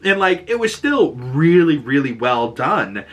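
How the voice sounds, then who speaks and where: A man giving a casual, rambling film review, swearing freely, laughing often and breaking into loud exclamations. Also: a little high, a little slow, dull audio. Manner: animated, shifts into loud exclamations. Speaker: movie reviewer.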